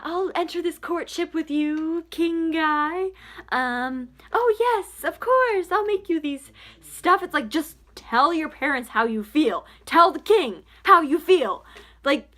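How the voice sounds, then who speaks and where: A young woman casually reviewing a book in a vlog, chatty and animated, with plenty of fillers. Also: sits high.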